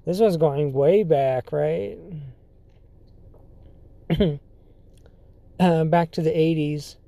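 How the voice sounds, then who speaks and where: Slow, halting podcast storyteller. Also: medium pitch, gravelly, mellow, no room sound. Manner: halting, filler-heavy, often restarts sentences. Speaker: podcast host. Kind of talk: casual storytelling.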